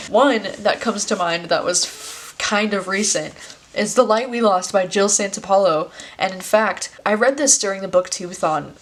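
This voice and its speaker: A young woman in her twenties talking casually to camera about books. She speaks in a mid-range voice, leans on "like" as a filler and swears freely. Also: mid-range voice. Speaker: book video creator. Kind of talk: casual chat.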